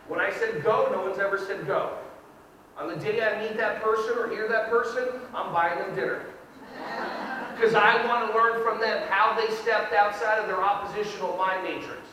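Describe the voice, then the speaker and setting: A man with a very high, bright voice delivers a playful, animated keynote to an audience. He keeps acting out little scenes as he talks. The sound is echoey, with a long hall reverb, picked up from far off the mic with faint noise underneath. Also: normal speed. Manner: playful, animated, acts out kids and parents. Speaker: keynote speaker. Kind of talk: lively educational keynote.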